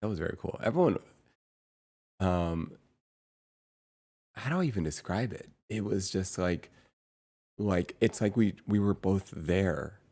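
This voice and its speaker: A man streamer chatting casually to his viewers, rambling and halting, with lots of fillers and restarts. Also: sits low, expressive, mellow. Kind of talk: casual live-stream chat.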